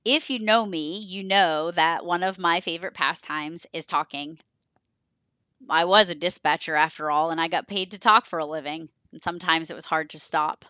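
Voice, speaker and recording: A woman's voice: low-pitched, steady tone, moderate pace, pushed and bright, dry recording. A woman in her forties hosting a podcast, chatty and enthusiastic as she talks about her work and tells stories. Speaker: podcast host. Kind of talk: podcast intro monologue.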